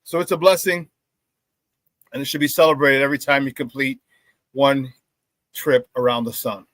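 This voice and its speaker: A man hosting a live sports talk show, hyped and laughing often as he shouts out viewers in the chat. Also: mid-range voice, steady tone, moderate pace, no echo.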